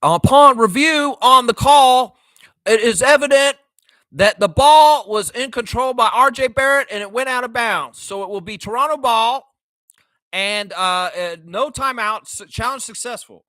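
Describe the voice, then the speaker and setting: A man's voice: very high voice, dry recording, pitched above the performer's own voice, full character voice. A man putting on a drawling Tennessee referee. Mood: pompous. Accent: Tennessee (imitated). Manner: slow, loud, halting official announcement. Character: drawling adult male referee announcing a review.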